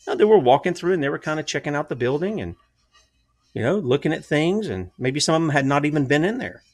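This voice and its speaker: A man's voice: a little high, animated, fast talker, darkish tone. A man hosting a casual political commentary show, talking emphatically and firing off rhetorical questions.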